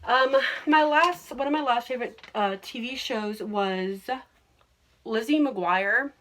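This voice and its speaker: Young woman host, excitable and gushing, casual swearing chat, slightly high pitch. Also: slow. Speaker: podcast host.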